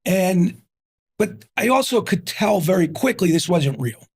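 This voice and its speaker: Husky guy in his 50s from jersey, kinda high voice, telling stories with a lot of punch. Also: unhurried. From New Jersey. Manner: energetic, punchy storyteller who repeats himself for emphasis. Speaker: guest. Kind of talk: casual interview storytelling.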